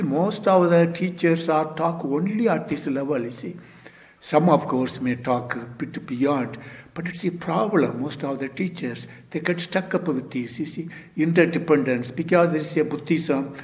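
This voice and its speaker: Older man giving a slow Zen dharma talk. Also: a little high. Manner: unhurried, repeats "you see" often, chuckles softly. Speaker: Zen teacher.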